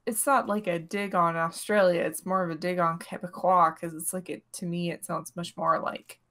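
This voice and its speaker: A woman's voice: on the low side, steady tone, normal speed, fairly bright tone. A woman chatting as a guest on a live stream, hesitant and full of fillers. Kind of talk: casual chat on a live stream.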